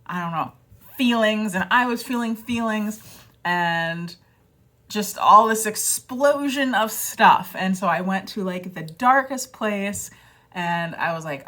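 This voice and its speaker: A woman's voice: mid-range voice, slow pace, fairly bright tone. A woman vlogger chatting casually and self-deprecatingly, rambling with fillers and dropping into quoted voices. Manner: rambling with many fillers and restarts. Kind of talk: casual chat to camera.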